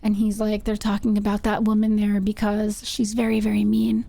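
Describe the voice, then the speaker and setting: A woman streamer telling animated stories while playing a game, acting out quotes and screaming when startled. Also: medium pitch, normal speed, vocal fry, no room sound. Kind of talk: casual storytelling while gaming.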